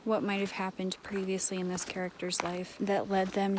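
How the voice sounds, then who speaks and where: A woman vlogging about her writing, thinking out loud in a rambling, musing way with lots of fillers. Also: medium pitch, monotone, normal speed, noisy background. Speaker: writer and vlogger. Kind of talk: chatty writing vlog, thinking aloud.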